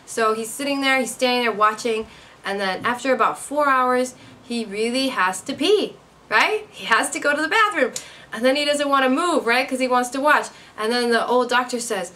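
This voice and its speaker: Bright lively woman retelling a story. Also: on the high side, a little fast. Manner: animated storytelling, acting out quoted dialogue; checks in often with "okay?" and "right?". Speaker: English teacher. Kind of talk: retelling a story for English learners.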